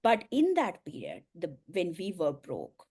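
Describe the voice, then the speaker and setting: A middle-aged woman, a coach and speaker, telling a personal story in an interview, earnest and emotional with soft laughs. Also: lowish voice, wildly swooping pitch, a little slow, breathy edge.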